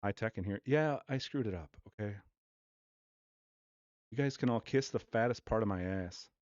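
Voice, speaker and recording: A low-voiced man chats casually on his home livestream, crude and loose, tossing in quick play-by-play. The sound is dull and lo-fi, with a dry, close feel. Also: a little mellow, dry recording. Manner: loose, profane chatter with offhand play-by-play.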